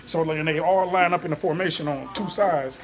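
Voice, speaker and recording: A man, a comedian, telling an animated story in an interview after a show, acting out voices and laughing often. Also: a little high, fairly quick. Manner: lively, acts out quoted voices, laughs often. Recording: busy crowd noise behind.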